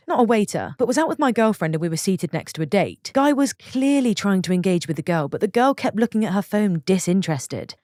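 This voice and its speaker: A woman reading online stories aloud and reacting to them with chatty, expressive commentary between readings. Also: medium pitch, a little fast, few pauses, no room sound, clean studio sound. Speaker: story narrator.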